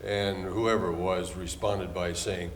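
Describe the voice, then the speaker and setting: A man's voice: deep voice, steady tone, a little slow, big-room sound, a little hiss or hum. An older man interviewing a veteran for an oral history, reacting with eager exclamations and retelling stories.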